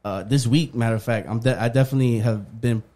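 A man hosting a podcast among friends, his voice dark and warm. He rambles loosely, full of ums and likes. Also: medium pitch, fast. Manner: relaxed, rambling, filler-heavy. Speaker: podcast host. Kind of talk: casual chat.

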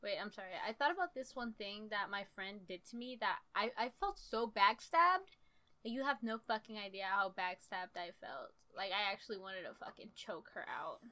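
Bright, crisp-voiced young woman telling stories. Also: medium pitch. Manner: animated, profane, laughing storyteller. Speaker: storyteller. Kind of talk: casual storytelling chat.

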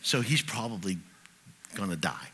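A middle-aged man, a pastor, delivering a sermon and telling personal stories, swinging from loud bursts to quiet asides. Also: lowish voice, animated, moderate pace, a little hiss or hum.

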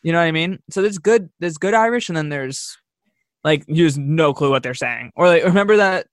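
A young man co-hosts a loose, rambling chat, laughing easily as he goes. His voice sits a little high for a man. The sound is close and dry, with no room around it. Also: animated, fairly quick, dry recording. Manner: laid-back, laughs often, rambling. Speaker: podcast co-host. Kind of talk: casual chat.

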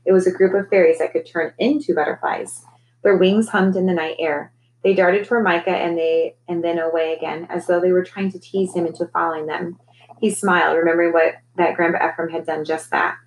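A woman with a low voice reading a children's novel aloud to her class, unhurried and clear. Her narration is gentle and even, with a faint bit of noise in the background. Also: low-quality recording.

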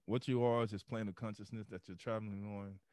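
A man voicing a calm male head monk who speaks in measured, cryptic phrases. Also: fairly low pitch, dry recording, voice pushed down, natural voice. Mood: calm, instructive.

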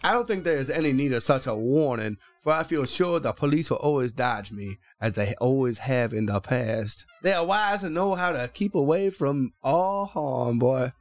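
A man voicing a boastful demon axe murderer in a put-on Cajun accent, drawling slowly and calling people boy and baby. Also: medium pitch, expressive, close to an everyday voice. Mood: menacing drawl. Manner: slow drawling delivery, calls listeners boy and baby. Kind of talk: dramatic letter reading.

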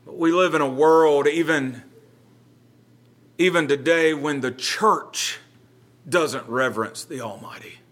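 This pastor running a Bible study has a slightly high, fairly bright voice and takes his time, leaving long pauses. His delivery is earnest and conversational, with frequent repeated words as he gathers his thoughts.

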